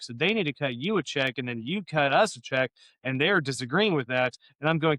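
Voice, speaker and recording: A man's voice: a little high, animated, a little fast, bright, forceful tone, dry recording. A man co-hosting a podcast, telling long profane stories in a loose, rambling way. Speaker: podcast co-host. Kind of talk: casual podcast chat.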